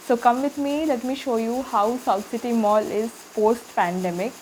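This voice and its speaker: A woman's voice: on the high side, fairly even intonation, moderate pace, darkish tone, slight background noise. Chatty Indian woman food vlogger. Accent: Indian English. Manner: chatty, friendly, with frequent uh fillers. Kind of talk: casual vlog narration.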